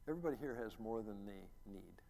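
A middle-aged man, a pastor, preaching a sermon as a story, acting out quotes and building to loud, emphatic peaks. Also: on the low side, lively intonation, fast talker, creaky. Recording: long reverb, faint ambient noise.

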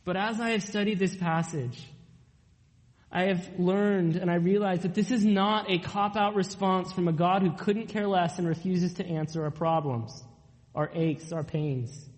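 A man's voice: sits high, steady tone. Earnest young man preaching in a hall. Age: young adult. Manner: earnest, emphatic, stretching key lines slowly. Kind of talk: sermon.

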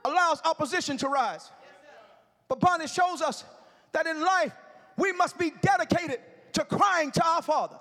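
Brief: male preacher, very high voice, fiery church sermon with shouted call-and-response. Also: moderate pace, faint music behind.

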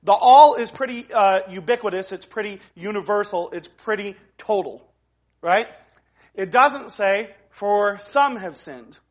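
High-voiced man preaching conversationally. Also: measured pace, lo-fi sound. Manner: conversational preaching with frequent restarts and "right?" tags. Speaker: pastor. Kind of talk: sermon.

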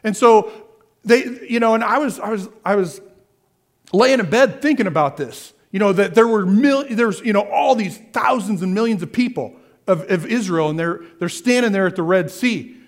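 A pastor preaches a sermon in a high voice with lively intonation at normal speed. He's repetitive, asking the crowd questions and answering them himself while repeating key phrases.

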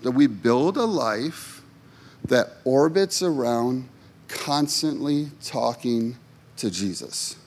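A man's voice: medium pitch, expressive, takes it slowly, darkish tone. A male pastor preaching a sermon with emphatic rhetorical questions and joking asides to the congregation.

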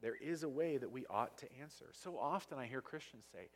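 A man preaching a sermon as pastor, passionate and sometimes loud, with a husky voice. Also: medium pitch, animated, a little fast. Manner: passionate, gets loud at times. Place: church sanctuary.

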